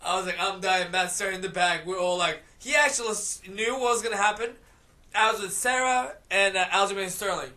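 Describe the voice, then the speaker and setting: A man and mixed martial arts fighter, telling an animated story in casual podcast chat and laughing often. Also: sits high, a little fast.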